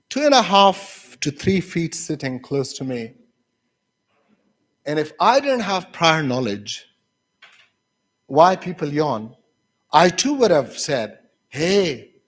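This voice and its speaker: A man lecturing university teachers, telling classroom stories with many fillers and restarts and acting out his students' voices. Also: on the high side. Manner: acts out students' voices when quoting.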